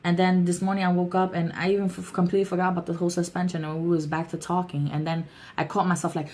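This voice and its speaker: A young adult woman talking candidly and warmly to her vlog viewers, with a chatty, heartfelt manner. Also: on the low side, level tone, fast talker. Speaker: YouTuber. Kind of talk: casual vlog talk.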